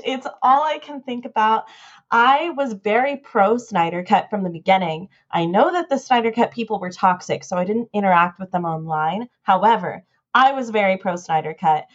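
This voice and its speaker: A woman co-hosting a casual podcast, talking in excited, rambling fan rants. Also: mid-range voice, moderate pace, dull audio. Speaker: podcast co-host.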